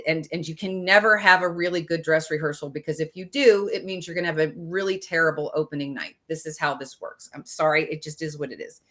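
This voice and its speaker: A woman in her forties co-hosting a podcast, telling a story in a casual, animated way, full of fillers and restarts. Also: sits low. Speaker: podcast co-host. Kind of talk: casual chat.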